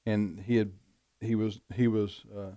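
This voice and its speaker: A man hosting a talk radio show, chatting casually in a rambling way, with frequent pauses and restarts. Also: fairly low pitch, level tone, warm tone, no room sound, clean studio sound.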